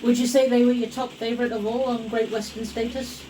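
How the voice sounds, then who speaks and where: Female co-host, teasing and friendly, fairly high voice, light background hiss. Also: flat delivery, fairly quick, mellow, rough recording. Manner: friendly, teasing, chiming in briefly. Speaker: podcast co-host. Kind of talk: casual chat.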